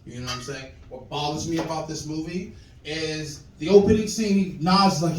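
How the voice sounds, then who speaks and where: A man performing a stand-up comedy set in a club, animated and acting out other people's voices. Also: fairly high pitch, moderate pace, reverberant, far from the mic, low-quality recording. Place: comedy club with live audience.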